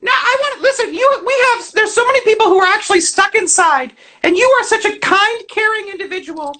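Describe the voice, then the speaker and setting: A man's voice: very high-pitched, fairly quick, sharp tone. A man voicing a cheerful toilet paper roll puppet who hosts a comedic talk show and asks eager questions with corny puns. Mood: chipper. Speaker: host.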